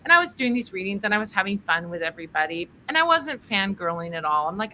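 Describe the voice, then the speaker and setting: Woman tarot host, bright and crisp tone, chatty and quick to laugh. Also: mid-range voice, slight background noise. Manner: chatty, laughs often, animated retelling. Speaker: tarot reader hosting a charity stream. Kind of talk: casual storytelling and tarot reading.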